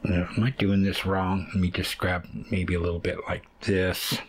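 A man's voice: low-pitched, flat delivery, moderate pace, husky. A man hosting a casual hands-on fiber arts tutorial, rambling along with plenty of ums and uhs as he reads and handles wool. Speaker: fiber arts channel host.

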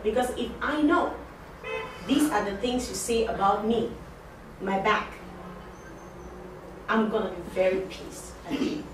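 A woman's voice: mid-range voice, measured pace, long pauses. Woman teaching in an echoey room. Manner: conversational, repeats points for emphasis, questions the class. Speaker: ESL teacher training teaching assistants. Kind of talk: interactive classroom talk. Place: classroom or training room. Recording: very echoey room, distant mic, faint noise.

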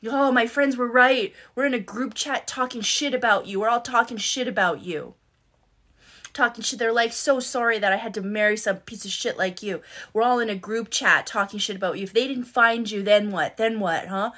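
A woman's voice: a little high, moderate pace, fairly bright tone, voice pushed up. A woman mocking her jealous, angry husband in a raised, ranting voice as she retells a fight. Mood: taunting.

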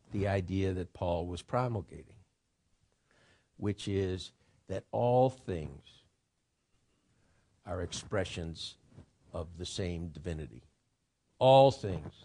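A man's voice: low voice, a little mellow. A man giving an informal lecture on writing, rambling and digressive, with profane asides.

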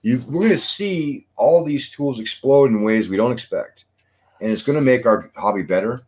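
A man's voice: mid-range voice, moderate pace, darkish tone. A man in casual podcast chat, earnest and musing, with lots of fillers. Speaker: podcast panelist.

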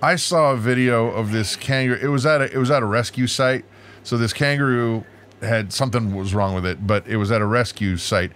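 A man's voice: medium pitch, brisk, a bit bright, a little hiss or hum. A man co-hosting a casual live chat, playful and joking as he tells stories. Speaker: co-host of a family homestead livestream.

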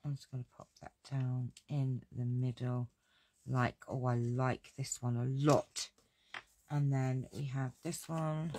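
A woman's voice: very deep voice, little pitch movement, slow pace, dark tone, slight background noise. A woman hosting a casual crafting video, chatting to her viewers in a self-deprecating way and laughing often.

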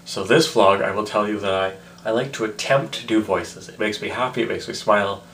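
A man's voice: fairly low pitch, fairly quick, fairly bright tone, slight background noise. A tipsy man rambling in a casual, self-mocking vlog. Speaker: vlogger.

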